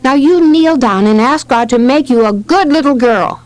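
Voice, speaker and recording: A woman voicing an exasperated, tidy mother who scolds her toddler in a sharp, raised voice, in a dry recording. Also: high-pitched, normal speed, no room sound, voice pushed up, natural voice. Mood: scolding.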